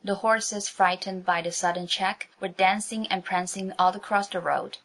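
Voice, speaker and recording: A woman reads a children's story aloud in a clear, even narrating voice. Her pitch sits in a comfortable middle range. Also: moderate pace. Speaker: audiobook narrator.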